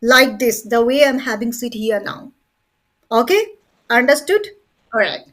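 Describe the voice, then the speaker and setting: A woman's voice: fairly high pitch, animated, measured pace, fairly bright tone, poor audio. A woman teaching an English lesson over a video call, drilling word stress with emphatic repetition. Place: seated indoors at home desk. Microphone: online video call.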